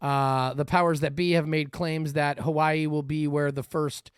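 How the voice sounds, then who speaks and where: A man hosting a podcast in casual chat, animated and rambling with many restarts. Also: fairly high pitch, moderate pace, smooth, no echo, clean studio sound. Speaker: podcast host.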